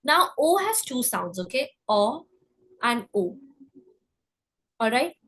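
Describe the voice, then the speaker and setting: A woman teaching French pronunciation, saying example words slowly so learners can repeat after her. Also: high-pitched, sing-song, a bit bright, poor audio. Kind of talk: pronunciation lesson.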